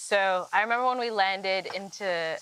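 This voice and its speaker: A woman's voice: medium pitch, normal speed, clean tone. A woman comedian from Uganda with an Australian accent carrying an American R, chatting and telling stories with lots of laughter while cooking. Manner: animated, laughing storyteller. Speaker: guest comedian. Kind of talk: casual chat while cooking.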